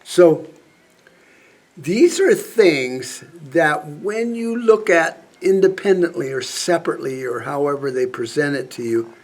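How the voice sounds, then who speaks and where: A man's voice: fairly high pitch, expressive, a little slow. A man vlogging a profane political rant, angry and sarcastic, swearing constantly. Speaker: prepper vlogger.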